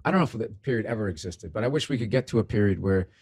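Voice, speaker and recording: A man's voice: on the low side, expressive, rapid-fire, darkish tone, husky, no echo. A middle-aged man with a Boston accent, hosting a comedy podcast in a blunt, profane, rambling rant.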